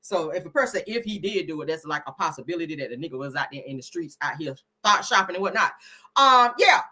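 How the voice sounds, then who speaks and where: A brash woman hosting a gossip live stream, her husky voice bright and forceful, swinging up and down in lively pitch. She is profane and quick to laugh, and she keeps calling out to her viewers. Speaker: host. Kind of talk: casual gossip commentary.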